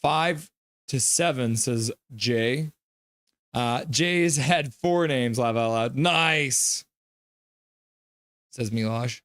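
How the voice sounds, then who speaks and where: With drawn-out words and frequent pauses, a livestream host chats casually, reading chat messages aloud and calling the action play by play. His mid-range voice is a bit bright, rambling, and free of room sound.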